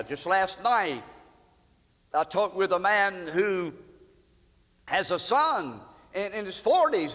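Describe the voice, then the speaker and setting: Bright-voiced preacher in a reverberant hall. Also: male voice, high voice. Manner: earnest preaching, rising emphatic peaks. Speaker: pastor. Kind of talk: sermon.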